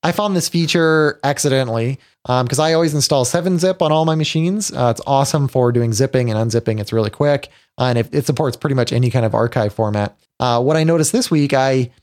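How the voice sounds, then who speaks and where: A man's voice: mid-range voice, quick pace, hardly any pauses, darkish tone. A man hosting a tech podcast, talking casually in an upbeat way with many restarts. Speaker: podcast host.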